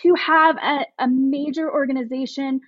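A woman with a fairly high voice speaks as a podcast guest, earnest and emotional, often restarting her sentences. The recording is dull and dry, with no room sound around her. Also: fairly even intonation, normal speed, dry recording. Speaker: podcast guest, plus-size pregnancy advocate. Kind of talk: conversational interview.

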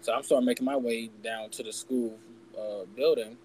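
A man's voice: mid-range voice, steady tone, normal speed, background noise. A young man in casual podcast chat, telling a personal story candidly, swearing freely and acting out what people said. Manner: candid, swears freely, acts out quoted voices. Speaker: podcast host.

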